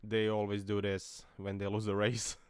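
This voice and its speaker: A man's voice: on the low side, completely flat delivery, normal speed, smooth, no room sound, clean studio sound. A man commenting over dashcam clips with a joking, mocking tone, laughing often and putting on silly voices. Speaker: video commentator.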